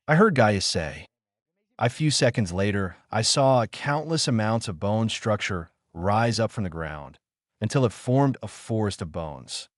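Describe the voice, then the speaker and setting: A man narrates a first-person fanfiction tale in a flat, even read. His voice sits on the low side, and the recording is dry and close, with no room sound. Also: unhurried, dry recording.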